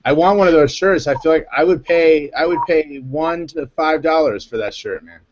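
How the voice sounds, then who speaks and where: A man hosting a live online chat, teasing his guests and joking with them. His voice sits a little high. The sound is muffled and lo-fi, with a faint hiss from the web stream. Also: normal speed. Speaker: host. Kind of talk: casual live video chat. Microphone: video call.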